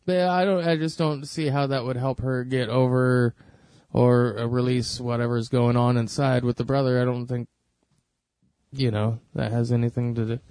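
An easygoing radio co-host in casual chat who agrees often and shares bits of trivia. His voice sits at an ordinary pitch, recorded dry and close. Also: flat delivery, normal speed, darkish tone, no room sound.

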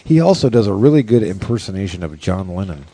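A man hosting a casual podcast chat, telling stories in a profane, animated way. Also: lowish voice, fast talker. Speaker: podcast host.

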